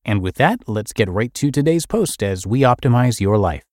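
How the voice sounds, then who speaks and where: A man hosting a daily show, reading blog posts aloud in scripted narration with a measured, expressive delivery. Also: medium pitch, a little hiss or hum.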